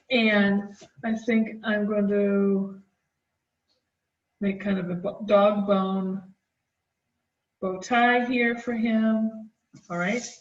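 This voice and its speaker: A woman art teacher talking children through a drawing, gentle and encouraging as she draws. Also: medium pitch, recorded from a distance. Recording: dull, roomy, from the mic.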